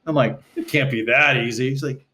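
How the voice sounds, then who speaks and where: Young man from Texas, podcast guest; loose, animated delivery with playful acted-out quotes. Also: medium pitch, a little fast. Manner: animated, acts out quoted dialogue, swears casually. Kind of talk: casual conversational interview.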